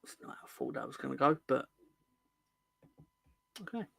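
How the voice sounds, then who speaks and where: A man's voice: medium pitch, lively intonation, normal speed, creaky, sharp tone, no room sound. A man hosting a football fan livestream in casual chat, rambling and joking, often correcting himself mid-sentence. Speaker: host of a football fan show.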